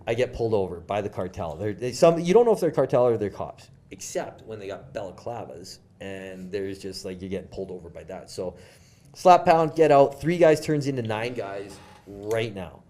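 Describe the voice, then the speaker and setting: This podcast guest is a young Canadian guy whose voice sits on the low side, with a faint hiss or hum in the recording. He spins his story loosely, tossing in lots of fillers and performing other people's dialogue with energy.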